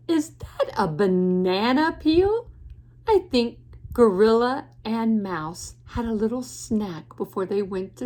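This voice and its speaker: A woman teacher reading a picture book aloud to children in a gentle way, pausing to ask the listener questions. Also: on the high side, animated. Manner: gentle, asks the listener questions, laughs often.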